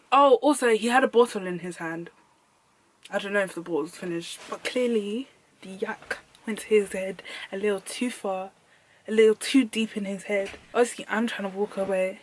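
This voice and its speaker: A young woman telling a storytime vlog, slangy and emphatic, repeating lines for effect. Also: mid-range voice. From United Kingdom. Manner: animated, slangy, emphatic repetition. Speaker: vlogger.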